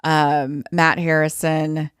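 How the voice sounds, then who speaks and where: Taking her time, a low-voiced woman spins casual stories about working in sports broadcasting as a podcast co-host. Her smooth voice comes through in studio quality with no room sound, and she turns animated whenever she quotes someone.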